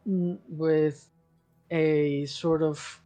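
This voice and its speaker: A man's voice: on the high side, level tone, mellow, faint music behind. A man narrating as game master for a tabletop role-playing game, loose and full of fillers. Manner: slow, loose narration with many fillers and restarts.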